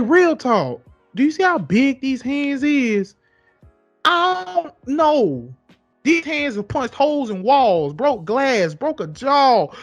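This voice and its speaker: A young man co-hosting a podcast, telling stories in a casual, animated way, swearing freely and repeating himself for emphasis. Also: high voice, dry recording. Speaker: podcast co-host. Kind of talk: casual storytelling chat.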